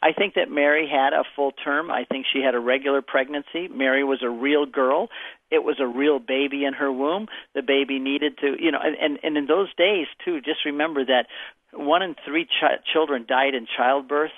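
A man's voice: mid-range voice, fairly even intonation, normal speed, no echo. Older man answering callers on radio. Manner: storytelling, acts out voices in his answers. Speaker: radio show guest answering callers' questions. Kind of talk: call-in radio Q&A. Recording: dry, phone-like radio audio.

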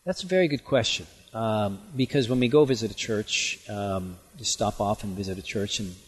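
A man who is a bishop, answering listener questions in a gentle, pastoral way on radio. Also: fairly low pitch, moderate pace, slightly rough. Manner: gentle, pastoral, explaining plainly. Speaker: bishop guest.

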